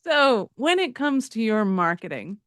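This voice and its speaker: A woman podcast co-host asking quick-fire questions in a playful way. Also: a little high, sing-song, a bit bright, no room sound, studio quality. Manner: playful, laughs easily.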